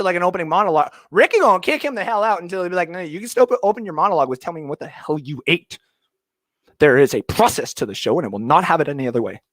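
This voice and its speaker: Excitable young man hosting a livestream. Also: high-pitched, no echo, studio quality. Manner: rambling, excitable, jokey. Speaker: livestream host. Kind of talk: casual live-stream chat reading comments. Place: home basement.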